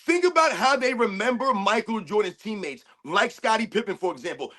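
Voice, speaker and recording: A man co-hosts a sports rant stream, firing off heated rhetorical questions. His voice is very high for a man and bright, forceful and tense. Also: lively intonation, fairly quick. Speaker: co-host.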